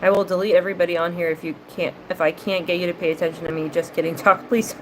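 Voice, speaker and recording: A woman's voice: lowish voice, level tone, quick pace, slight background noise, low-quality recording. A woman hosting a livestream in casual chat, responding to viewer messages aloud in a playful manner and laughing often.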